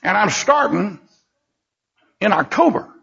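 An older preacher tells stories from the pulpit in a high, heavily gravelly voice. His tone is husky, and he breaks into lively exclamations. The recording sounds dull and lo-fi. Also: slow pace. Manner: storytelling, animated exclamations. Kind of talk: sermon.

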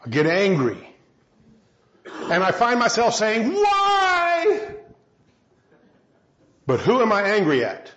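Animated high-voiced preacher in a roomy hall. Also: male voice, measured pace, long pauses. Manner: conversational, self-deprecating, asks the congregation questions. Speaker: pastor. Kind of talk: sermon. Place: large room with a congregation. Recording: roomy, dull sound.

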